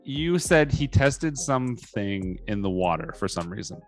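A man's voice: on the low side, animated, soft background music. A man hosting a casual chat, directing the others and stumbling over repeated words as he hurries. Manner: directs the group, quick, repeats himself.

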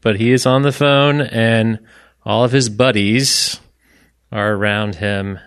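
A man's voice: fairly low pitch, steady tone, slow, fairly bright tone, clean tone. A man from Orlando telling a personal story on stage to a live audience, chatty and self-deprecating, with apologetic asides. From Orlando, Florida. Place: live stage event in a bar venue.

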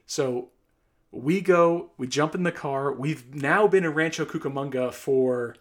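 A man's voice: a little high, unhurried. A young man casually telling a long, exasperated anecdote, acting out the people he quotes. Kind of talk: casual storytelling.

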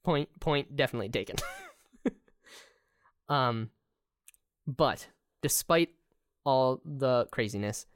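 A woman co-hosting a casual movie podcast, relaxed, agreeing easily and laughing quietly. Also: very deep voice, takes it slowly, pauses often, slight background noise. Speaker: podcast co-host. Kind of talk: casual movie-review chat.

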